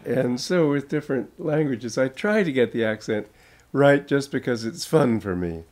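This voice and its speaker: An older American man, a spiritual teacher, gives an informal talk to an audience in a medium-pitched, somewhat mellow voice. He tells stories slowly and chuckles often along the way.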